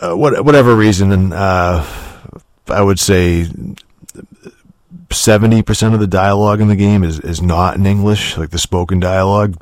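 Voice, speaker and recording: Low-voiced rambling, swearing man. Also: normal speed, no echo, studio quality. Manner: rambling, profane, many restarts and fillers. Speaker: game reviewer. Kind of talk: casual spoken game review.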